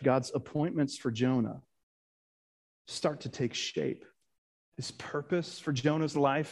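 A pastor with a slightly high, darkish voice preaches an earnest sermon. He reads scripture and creeds aloud, his emphasis rising as he goes, and sometimes stumbles over his words.

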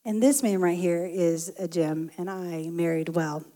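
Animated woman telling a story. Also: fairly low pitch, a little slow. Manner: animated, laughs often. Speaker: guest telling a marriage story. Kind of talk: casual storytelling.

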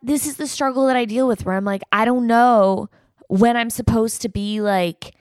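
A woman's voice: on the high side, clear, resonant tone, no echo. A woman hosting a podcast, venting on her own with frequent swearing and quoted asides. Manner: venting, swearing, quoting others in quick asides. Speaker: podcast host. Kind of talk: frustrated solo recording after a call.

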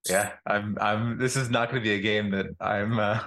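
Easygoing low-voiced man on a podcast. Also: steady tone, moderate pace, fairly bright tone. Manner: easygoing, agreeable, giggles often. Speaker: podcast co-host. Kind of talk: casual chat.

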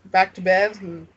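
A woman's voice: mid-range voice, background noise. A woman co-hosting a casual chat, laughing often and restarting her sentences. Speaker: podcast co-host. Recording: dull lo-fi sound.

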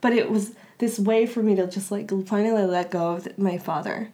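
A woman's voice: medium pitch, fairly quick, warm tone. A woman guest in an interview, telling a personal story casually, with frequent filler words and restarts. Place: Los Angeles area.

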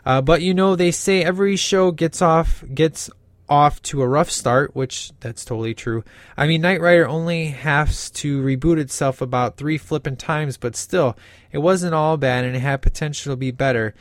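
A man's voice: fairly high pitch, normal speed, no room sound. Sarcastic, casual male commentator. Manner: sarcastic and casual, says flippin'. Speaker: comedy commentator. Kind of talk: comedic commentary responding to viewer remarks.

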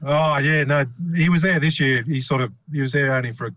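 A man's voice: mid-range voice, brisk, no room sound, highs cut off. Rambling Australian man, casual chat. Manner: rambling, frequent fillers and swearing.

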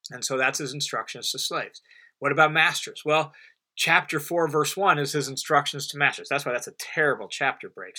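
A male Bible teacher with a bright, fairly high voice explains scripture in a relaxed, conversational way. He presses his points through repetition and emphatic restatement, often restarting his phrases. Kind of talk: unscripted Bible commentary.

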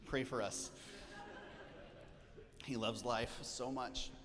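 Male pastor, casual joking sermon, mid-pitched voice, stage mic. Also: fairly even intonation, extremely slow, a bit bright. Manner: casual, joking storytelling with frequent fillers. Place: church stage. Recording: church hall reverb, faint noise.

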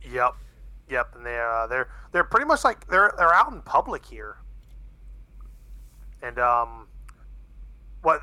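A man casually chatting on a podcast, excitable, swearing freely and using laid-back slang, sipping beer as he talks. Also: medium pitch, no echo. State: drinking beer while talking. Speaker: podcast co-host. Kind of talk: casual chat recapping an anime.

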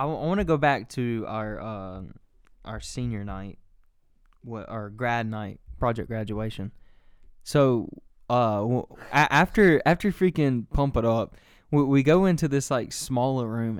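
A young man in casual chat, excitable, casually swearing and saying "dude" and "bro". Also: medium pitch, measured pace, smooth, no room sound, clean studio sound.

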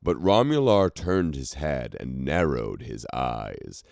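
A man narrating a fantasy story in a measured, expressive reading. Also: rumbling low, vocal fry, clear, resonant tone, no room sound, clean studio sound.

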